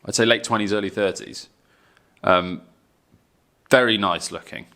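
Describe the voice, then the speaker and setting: A man's voice: fairly low pitch, measured pace, pushed and bright. A man co-hosting a casual podcast, rambling through his observations with fillers. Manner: rambling with fillers, laughs along. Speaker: podcast co-host. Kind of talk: casual chat.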